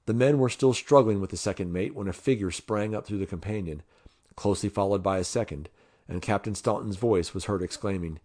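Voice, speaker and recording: A man narrating an adventure novel in a measured way, lifting his voice for the dialogue. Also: a little mellow. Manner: measured, voices characters with raised pitch. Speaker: audiobook reader.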